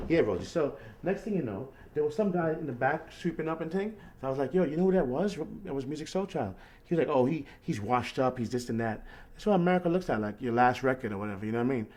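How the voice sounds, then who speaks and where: A man hosting a casual call, telling a rambling, animated story about life as a street musician and often asking "you know what I mean". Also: mid-range voice, quick pace.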